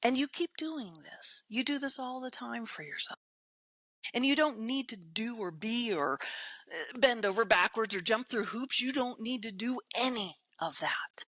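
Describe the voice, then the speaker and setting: An older woman with a bright, ringing voice pitched a little high talks in a lively, emphatic way. She laughs easily and tells stories as a podcast guest in casual chat, with a dry, close sound. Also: unhurried, no room sound. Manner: animated storyteller, acts out her own inner voice.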